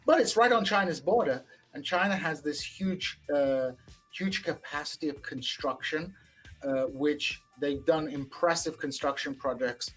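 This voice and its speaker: Husky guy on a podcast, slightly high voice, rambles with lots of uh's, faint music. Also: unhurried, a bit bright, low-quality recording. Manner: rambling, lots of fillers and restarts. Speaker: podcast panelist. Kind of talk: casual discussion.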